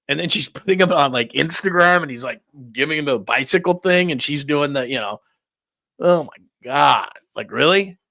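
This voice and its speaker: Middle-aged male sports talk host, bright dry voice, rambling incredulous rant with restarts. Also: fairly high pitch, expressive, moderate pace, gravelly, dry recording.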